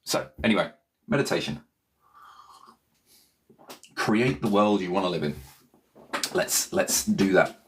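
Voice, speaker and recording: A meditation teacher and author speaks to viewers in a casual, loose, rambling way, often checking in with "okay?" His low voice has lively intonation, moving a little slowly with frequent pauses. Slight background noise is audible.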